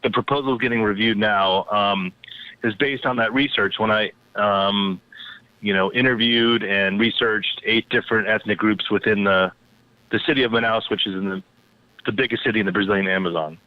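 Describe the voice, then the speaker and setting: A man's voice: fairly low pitch, fairly even intonation, normal speed, dry recording. A man, an anthropologist and poet, talking casually as an interview guest, rambling with many fillers and restarts. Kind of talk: casual interview over a phone line. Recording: tinny phone line.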